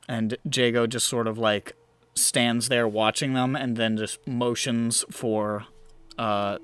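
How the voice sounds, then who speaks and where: A man narrating a tabletop game as game master, unhurried, with many fillers and restarts. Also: mid-range voice, a bit bright.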